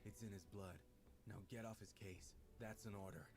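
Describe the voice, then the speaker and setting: A man acting out a cold witch-hunter villain from a fan-made animated series. His voice sits low and firm, and he speaks with a harsh, commanding edge. He gives orders like he expects them to be obeyed. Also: moderate pace. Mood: menacing. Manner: harsh, ordering others about. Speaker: voice actor.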